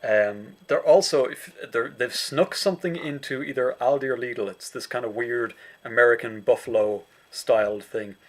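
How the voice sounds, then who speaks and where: A man's voice: medium pitch, normal speed, hardly any pauses. An Irish man hosting a casual online chat, rambling with dry jokey asides over a video call. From Ireland. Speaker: host.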